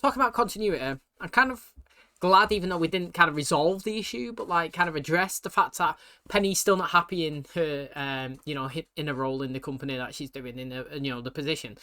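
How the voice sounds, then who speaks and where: Fast-talking British man, bright voice. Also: a little high. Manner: fast, slangy talk with many fillers. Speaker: TV reaction channel host. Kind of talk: casual reaction commentary.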